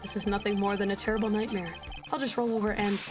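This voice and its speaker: A woman reading the lines of a sardonic, aloof male prosecutor in a game, dropping to a drier, lower delivery. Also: level tone, fast, natural voice. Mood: dry. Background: game music.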